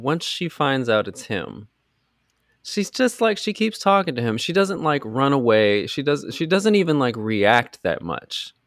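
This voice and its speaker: A man hosting a podcast, recapping a movie in casual chat with animated sarcasm and free swearing. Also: medium pitch, measured pace, no room sound, studio quality. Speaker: podcast host.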